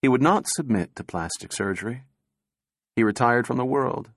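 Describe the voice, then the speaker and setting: A man narrating an audiobook in a steady, measured reading voice. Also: medium pitch, no room sound, clean studio sound.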